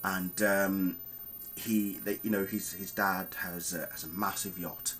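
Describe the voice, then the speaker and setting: A man giving a casual spoken film review, animated and emphatic, talking straight to his viewers with plenty of ums. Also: low-pitched, unhurried, a little hiss or hum, poor audio. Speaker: movie reviewer.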